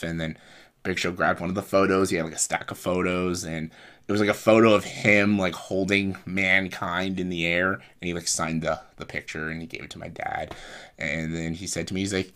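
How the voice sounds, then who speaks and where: A man's voice: low-pitched, level tone, a little fast, fairly bright tone. A young man telling a rambling personal story in a casual way, full of fillers and restarts. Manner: rambling, with fillers and self-corrections. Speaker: vlogger.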